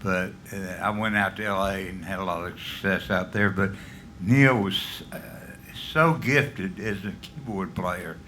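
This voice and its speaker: Earnest man with a bright low voice. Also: unhurried, slight background noise. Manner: earnest, off-the-cuff. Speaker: musician paying tribute. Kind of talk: spoken tribute. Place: small pub stage.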